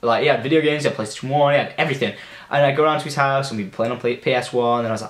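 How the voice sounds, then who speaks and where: A man's voice: medium pitch, steady tone, very fast. A young man, telling childhood stories in a chatty, loose way, swearing now and then. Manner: chatty, loose, swears freely, many fillers. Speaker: gaming vlogger. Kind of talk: casual storytelling. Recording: echoey room.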